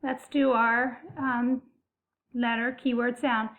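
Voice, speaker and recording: Slow, deliberate woman teaching phonics. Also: on the high side, flat delivery. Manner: slow, deliberate, stretching out sounds. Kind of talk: phonics lesson. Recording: phone-like narrow sound.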